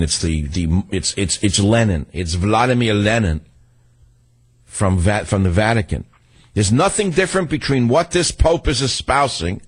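A man hosting a talk radio show, delivering an indignant, combative monologue with sudden leaps in pitch. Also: husky.

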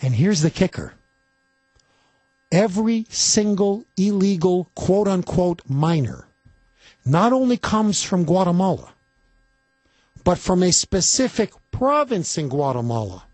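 Guy ranting on talk radio, high pitched and all over the place, kinda husky. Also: very animated, unhurried, long pauses, a little mellow, dry recording, faint music behind. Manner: emphatic, indignant, repetitive. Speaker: radio talk show host. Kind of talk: political talk radio monologue. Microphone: studio microphone.

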